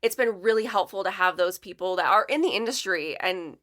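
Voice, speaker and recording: A woman's voice: mid-range voice, a little fast. A woman guest on a podcast, chatting casually and telling self-deprecating stories about her design business, acting out what people said. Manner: animated, self-deprecating, acts out quotes with laughs. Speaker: podcast guest, letterpress studio owner. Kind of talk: casual storytelling chat.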